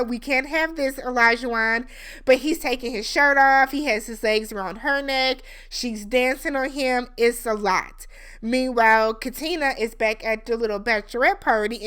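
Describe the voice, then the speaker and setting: A woman's voice: on the high side, fairly bright tone, smooth. A woman hosting a reality TV recap, talking in a chatty, opinionated way with lots of fillers. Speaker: recap show host. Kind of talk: casual TV recap commentary.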